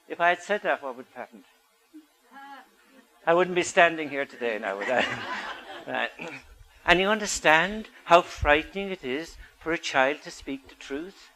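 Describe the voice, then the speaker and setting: Older man, bright tone, storytelling public talk, asks the crowd questions. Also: fairly high pitch, animated, normal speed, rough recording. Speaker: speaker.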